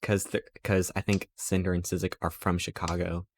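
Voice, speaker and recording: A man's voice: sits low, level tone, moderate pace, slight background noise. A man streaming live, telling stories in a rambling, playful way and acting out quotes. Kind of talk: casual chat while streaming.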